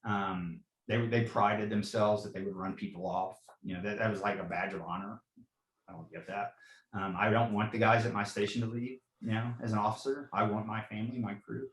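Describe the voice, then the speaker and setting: A man's voice: lowish voice, fairly even intonation, a little fast, fairly bright tone, roomy sound, poor audio. A man in his forties, a fire captain, earnestly telling personal stories in a podcast interview and often saying "you know". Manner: earnest, frequent "you know", repeats himself.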